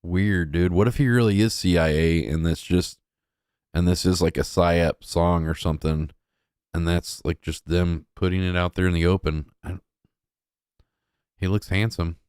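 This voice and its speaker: A man's voice: deep voice, fairly even intonation, moderate pace, darkish tone, clear, resonant tone, no echo, studio quality. A man hosting a livestream, reacting to clips in a casual, mocking, offhand way and talking to his chat. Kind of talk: casual crude reaction commentary.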